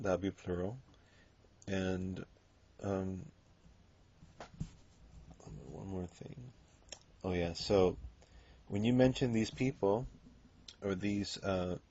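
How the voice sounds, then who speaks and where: A man's voice: low voice, darkish tone, muffled recording. A man teaching a recorded language grammar lesson, explaining step by step with frequent ums and okays. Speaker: Spanish teacher.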